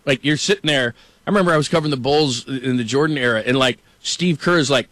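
A middle-aged man hosting a sports talk show, chatting casually and telling animated stories. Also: a little high, brisk. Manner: storytelling, animated, quotes people.

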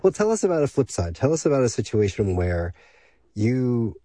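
A man hosting an interview, asking long, relaxed, rambling questions. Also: mid-range voice, normal speed, no echo.

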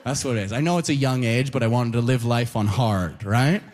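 A young adult man doing a stand-up comedy set to a live audience, animated, tagging his lines with "right?" and "you know?". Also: mid-range voice, fairly quick.

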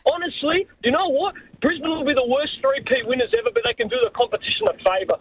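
A man's voice: very high voice, animated, fast talker. An Australian man ranting furiously as a football fan, played as a clip. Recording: dull lo-fi clip with faint noise.

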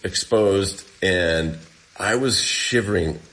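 A man's voice: low-pitched, slow, a bit bright. A man telling a story in a casual way. He acts out the dialogue and says "like" a lot. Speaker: interview guest.

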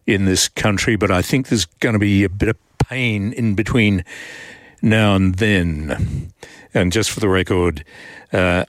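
A talkback host reads listener messages and muses in a wry, unhurried manner. His voice is fairly low. The studio sound is dry and close. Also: no echo. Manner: wry, unhurried, hesitant with fillers. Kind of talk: late-night talkback, reading listener texts. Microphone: studio microphone.

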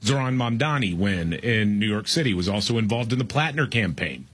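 A man's voice: fairly low pitch, animated, brisk, a bit bright, slightly rough. A man co-hosting a casual political chat, wry and prone to stumbling restarts. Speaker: show co-host.

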